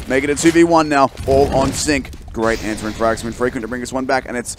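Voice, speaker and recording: A man with an Australian accent doing play-by-play commentary on a competitive shooter match, getting louder and higher at big plays. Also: quick pace, few pauses, over music. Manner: excitable, rising in pitch and volume at big plays. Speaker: esports caster. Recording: loud game gunfire behind.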